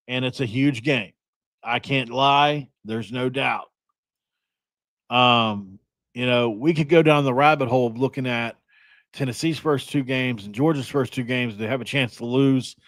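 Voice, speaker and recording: A man's voice: mid-range voice, no echo. A young man from West Virginia hosting a casual sports podcast, rambling and joking in a self-deprecating way. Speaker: podcast host.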